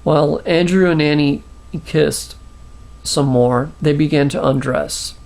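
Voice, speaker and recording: A man reading his own short story aloud, halting with restarts and fillers. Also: fairly high pitch, creaky, darkish tone. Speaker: storyteller, channel host.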